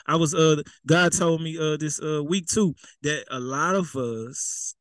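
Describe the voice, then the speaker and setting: Male preacher, AAVE, loose street-talk sermon, fairly high voice, dry close recording. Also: measured pace, a bit bright, dry recording, rough recording. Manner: conversational, repeats words, folksy slang. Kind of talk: casual sermon.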